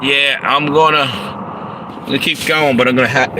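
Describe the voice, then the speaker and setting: A man's voice: medium pitch, fairly even intonation, normal speed. A man rambling and swearing on a casual livestream from his phone in a parked car, reading out chat messages and chuckling at his own asides. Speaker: live streamer. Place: inside a parked car with air conditioning running. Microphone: handheld phone. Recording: noisy phone audio in a car. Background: car engine and air conditioner hum.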